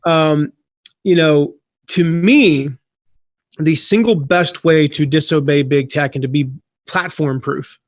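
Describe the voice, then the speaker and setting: A man around forty talks as a guest in a casual, animated storytelling style. His voice sits a little high for a man and sounds close and dry. He keeps the chat flowing, with fillers and quick restarts. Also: no echo. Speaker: podcast guest, affiliate marketing consultant.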